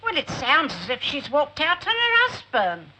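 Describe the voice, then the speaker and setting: Fussy older businesswoman, homely chatter, lively high voice, 1960s sitcom. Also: normal speed, exaggerated voice, rough recording. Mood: resigned. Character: fussy motherly older businesswoman, flustered by phones. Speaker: company director. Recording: hissy 1960s TV recording.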